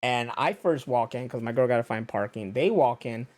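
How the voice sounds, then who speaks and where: A man's voice: mid-range voice, moderate pace. A young man hosting a podcast, ranting casually with lots of swearing and acting out what other people said. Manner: animated, profane, acts out others' lines. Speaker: podcast host. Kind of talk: casual storytelling rant.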